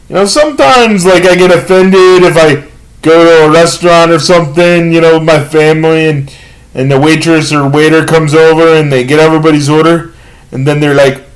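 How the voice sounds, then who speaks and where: A man telling a self-deprecating comedy monologue, halting with many pauses and fillers. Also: a little high, steady tone, rough recording. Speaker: amateur comedian.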